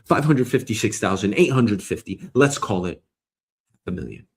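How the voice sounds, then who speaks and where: A middle-aged man hosting a comedy show, ranting loudly and rambling, swearing a lot and slipping into mock voices. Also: mid-range voice, lively intonation, normal speed, slightly rough. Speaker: host. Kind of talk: profane comedic rant.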